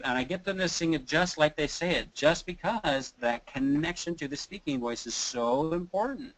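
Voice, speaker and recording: A man's voice: on the high side, moderate pace, hardly any pauses, fairly bright tone, poor audio. A man from the Kansas City area, a voice teacher, talking casually in a webinar and showing vocal exercises by moaning, sighing and singing short bits. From Kansas City area, USA. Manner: casual, demonstrates moans, sighs and creaky sounds.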